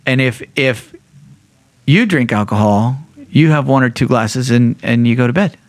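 A middle-aged man casually telling a personal recovery story, profane and animated, acting out what people said. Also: mid-range voice, moderate pace, no room sound. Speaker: podcast guest sharing recovery story.

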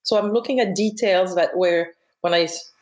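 A woman's voice: on the low side, normal speed, a little mellow. A middle-aged woman with a French accent. She is a guest photographer in an interview, talking reflectively and searching for her words. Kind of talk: interview conversation.

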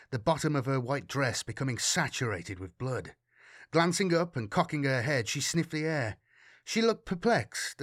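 Rich: A male audiobook narrator with a lively, dramatic voice that rises and falls a lot. He reads in a measured way and slows down for grim detail. The sound is dry and close. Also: mid-range voice, no echo.

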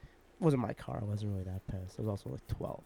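Young male co-host with a gravelly, creaky voice, laid-back and mumbly. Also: lowish voice, a little fast, dark tone, a little hiss or hum. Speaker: podcast co-host. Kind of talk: casual chat.

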